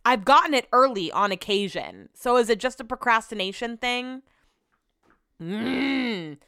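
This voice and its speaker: A young woman hosting a podcast, chatting casually on her own and griping through animated stories. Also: medium pitch, clean tone, no room sound, clean studio sound. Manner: chatty, animated, complaining storyteller. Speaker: podcast host. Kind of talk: casual solo chat.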